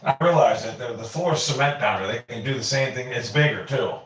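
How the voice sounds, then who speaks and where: A man's voice: mid-range voice, fairly quick, echoey room. A man chatting casually on a livestream from his home kitchen into a phone, rambling and swearing as he snacks. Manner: rambling, profane, easily excited.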